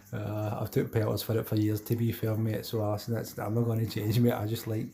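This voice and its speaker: Low gravelly Scottish man chatting. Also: monotone, fairly quick, few pauses, mellow. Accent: Scottish, Glasgow. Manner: chatty, says "mate" constantly, reads out viewer names. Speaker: fishing livestream host. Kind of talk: casual live chat with viewers.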